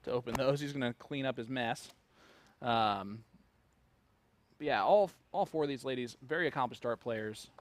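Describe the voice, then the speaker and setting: A man's voice: medium pitch, normal speed, long pauses, a little hiss or hum. A man commentating live darts, chatty and joking as he reads out player stats.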